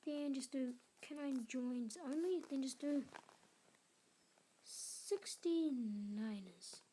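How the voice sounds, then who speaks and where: A woman's voice: high voice, steady tone, measured pace, dark tone, a little hiss or hum. A woman hosting a casual mobile gameplay video, chatting and often dropping into muttered whispers as she cheers on and scolds her game units. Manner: chatty, drops into muttered whispers while playing. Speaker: gaming channel host.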